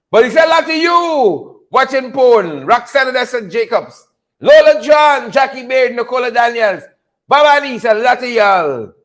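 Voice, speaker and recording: A Guyanese man hosts a loose political talk show, his voice pitched very high for a man. He talks in repetitive, chuckling riffs and keeps calling out his viewers by name. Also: fairly bright tone. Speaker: host of a political commentary show. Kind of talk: casual live commentary reading viewer names.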